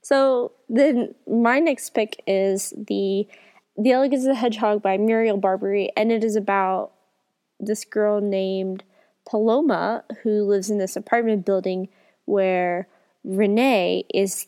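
A woman's voice: mid-range voice, fairly even intonation, measured pace, mellow. A woman with a cold co-hosting a casual book podcast, rambling and correcting herself. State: has a cold. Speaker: podcast co-host. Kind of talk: casual book review chat.

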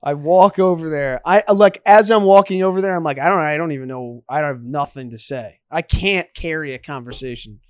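A man's voice: a little high, brisk, hardly any pauses, smooth, no echo, studio quality. A man telling an embarrassing story about himself on a podcast, laughing a lot as he goes. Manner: self-deprecating, laughing a lot. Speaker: podcast guest, comedian. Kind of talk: casual chat, storytelling.

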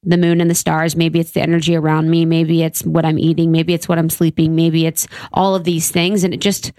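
A woman co-hosting a podcast who muses in a dreamy, unhurried way. Her voice is slightly low. The recording is close and dry, with no room sound. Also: little pitch movement, darkish tone, dry recording. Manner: dreamy, unhurried, spiritual musing. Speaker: podcast co-host. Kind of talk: casual podcast chat.

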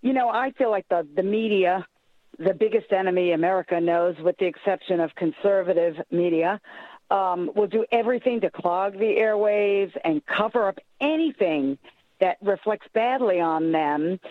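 A woman calling into a talk radio show, asking the host a question in an earnest, slightly halting way. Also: medium pitch, no echo. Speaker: caller. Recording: tinny phone line.

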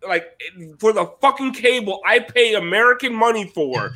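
A man's voice: sits high, expressive, normal speed, bright, forceful tone. A man hosting a post-game show, ranting in a heated, profane, exasperated way. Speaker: host.

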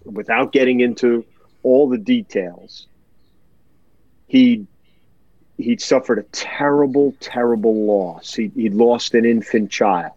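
A man's voice: medium pitch, slow pace, darkish tone, dry recording, muffled recording. A man telling a heartfelt personal story in a podcast chat, earnest and emotional, repeating words for emphasis.

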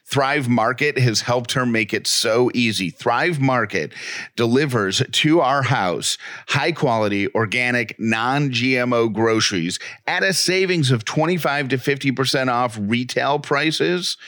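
Bright-voiced man, casual podcast co-host. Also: medium pitch, measured pace, dry recording. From upstate New York. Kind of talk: casual chat and host-read ad.

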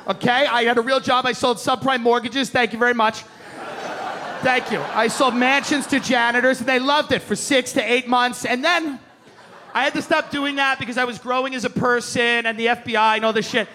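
A man's voice: very high-pitched, steady tone, a little fast, sharp tone, a little hiss or hum. A man with a Long Island accent doing a brash, mocking stand-up set. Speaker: stand-up comedian.

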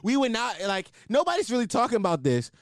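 A man's voice: high voice, fast, dry recording, clean studio sound. A young man hosting a podcast, riffing in loose, profane, laughing comic commentary. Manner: animated, profane, laughing riffs. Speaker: podcast host. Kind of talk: casual comedic commentary.

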